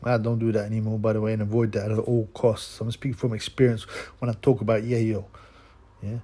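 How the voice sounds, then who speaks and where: Scornful ranting man, mellow voice. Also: fairly low pitch, flat delivery, fairly quick, slightly rough. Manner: crude, scornful, keeps tagging "man" and "yeah?". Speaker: channel host. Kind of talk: ranting monologue to camera.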